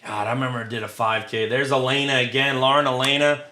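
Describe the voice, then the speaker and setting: Philly guy opening card packs live, bright voice, crude jokes, echoey room w/ faint hiss. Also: mid-range voice, little pitch movement, quick pace. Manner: crude joking banter, reads out cards. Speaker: card break host. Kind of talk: casual live card-break commentary. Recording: roomy with faint noise.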